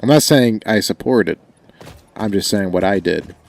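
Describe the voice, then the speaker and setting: Gaming on a livestream, this young man speaks into his desk microphone at normal speed, his lowish voice carrying vocal fry and a mild country accent from rural America. He rambles and jokes with viewers, frequently letting sentences trail off.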